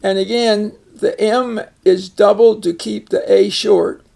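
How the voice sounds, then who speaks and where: A man's voice: high-pitched, steady tone, takes it slowly, vocal fry, darkish tone. An older man teaching a phonics lesson, carefully sounding out words and giving example sentences. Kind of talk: reading lesson narration.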